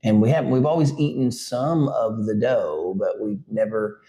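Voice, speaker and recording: A man's voice: fairly low pitch, normal speed, warm tone. A middle-aged man, a podcast co-host and father, telling a family story in casual chat, rambling with lots of fillers and restarts. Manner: rambling, full of likes and restarts.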